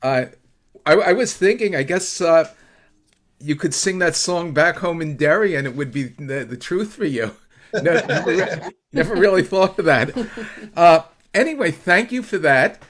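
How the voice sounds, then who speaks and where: A man's voice: fairly high pitch, expressive, moderate pace, fairly bright tone. A man hosting an online song swap in a casual, hesitant way, with lots of fillers and small laughs. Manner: hesitant, full of fillers, chuckling.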